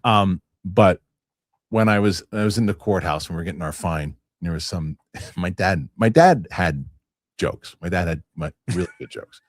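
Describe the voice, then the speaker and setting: A man with a low voice hosts a loose, rambling live chat, swearing casually and reading viewer comments aloud. The sound is dry and close, with no room around it. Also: moderate pace, no echo. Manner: rambling, profane, laughs at his own stories. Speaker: host.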